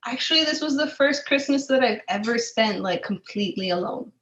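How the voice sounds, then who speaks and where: A woman who is a guest on a podcast, talking in a calm, reflective way. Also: fairly high pitch, a little fast, dull audio. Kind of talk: casual interview conversation.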